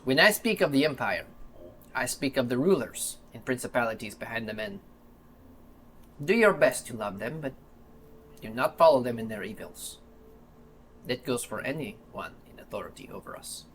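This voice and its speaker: A secretive father with a French accent, voiced by a man, speaks in a grave and measured way. The tone is bright and earnest. Every line carries the weight of things he cannot say. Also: mid-range voice, expressive, slight background noise, natural voice. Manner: grave, measured letter-reading.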